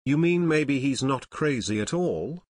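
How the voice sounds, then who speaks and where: A man's voice: medium pitch, animated, a little slow, dry recording, studio quality. A man voicing an earnest, insistent teenage boy detective in an audiobook.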